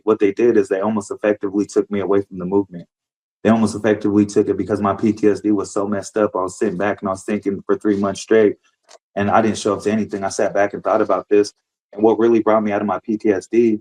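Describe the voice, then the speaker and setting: A man's voice: on the low side, darkish tone. A man, an activist, giving personal testimony at a public forum, rambling and repeating words as he tells his story. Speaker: community activist speaking at a forum.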